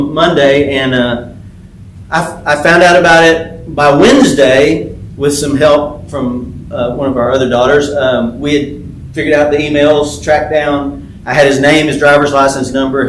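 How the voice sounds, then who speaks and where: A man's voice: fairly high pitch, a little hiss or hum. Conversational middle-aged male pastor, echoey sanctuary. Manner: conversational, frequent fillers and restarts. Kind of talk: sermon with personal story. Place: church sanctuary.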